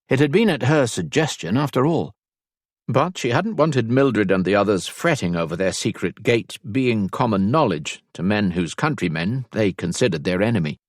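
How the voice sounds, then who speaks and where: A man with a fairly low pitch narrates an audiobook, telling the story in a measured, even way. It's scripted narration with dry, clean studio sound.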